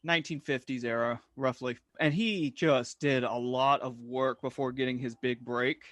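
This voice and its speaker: A man's voice: mid-range voice, steady tone, moderate pace, fairly bright tone, dry recording. A man co-hosting a podcast, cracking puns and wisecracks in casual chat. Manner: wisecracking, punny. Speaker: podcast co-host.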